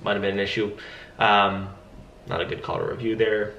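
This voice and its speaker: A man's voice: fairly low pitch, flat delivery, moderate pace, gravelly, a bit bright, echoey room, muffled recording, a little hiss or hum. A man coaching sales agents in a casual way, acting out friendly phone greetings. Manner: acts out upbeat phone greetings. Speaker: sales trainer.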